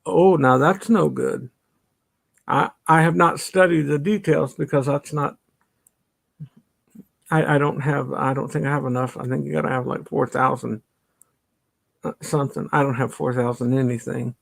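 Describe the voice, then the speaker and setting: Pitched in the middle and fairly even, his husky, gravelly voice moves at normal speed with frequent pauses. A middle-aged suburbanite from north of Chicago, he hosts a laid-back livestream, reading comments, greeting viewers by name and laughing often. Allergies leave him a little stuffy.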